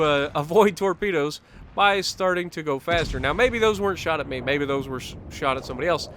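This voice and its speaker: A man giving casual commentary over his own gameplay footage, upbeat and quick to chuckle. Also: high voice, bright, forceful tone. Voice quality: chuckles often, upbeat and talkative. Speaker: gaming commentator.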